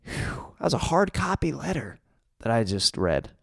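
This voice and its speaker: A young man hosting a podcast, talking casually in an excited, chatty way and breaking into laughter often. His voice sits at an ordinary middle pitch and sounds dry and close, with no room around it. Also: moderate pace, gravelly, breathy edge, dry recording. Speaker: podcast host. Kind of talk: casual solo podcast chat.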